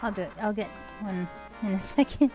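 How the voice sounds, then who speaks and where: Game music plays behind a woman streamer whose mid-range voice moves fairly quickly. Giggly and chatty, she offers casual commentary on her game and talks to herself.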